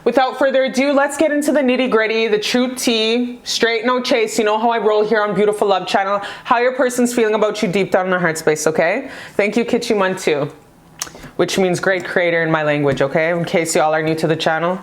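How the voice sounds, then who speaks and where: A woman's voice: medium pitch, a little fast. A woman reading tarot in casual chat, effusive and affectionate, swearing freely as she talks to viewers. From Canada. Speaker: tarot reader.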